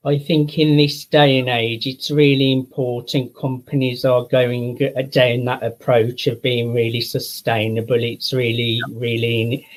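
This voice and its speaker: A male interviewer poses his questions in a measured, encouraging manner. He speaks slowly and unhurriedly, at a middle pitch. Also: flat delivery, rough recording. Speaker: interviewer, host.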